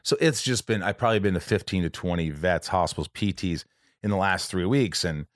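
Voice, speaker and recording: Podcast host, male, very low voice, dry close sound, rambling and emotional. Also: dry recording. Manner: emotional, rambling, does quick voices of friends. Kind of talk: casual chat.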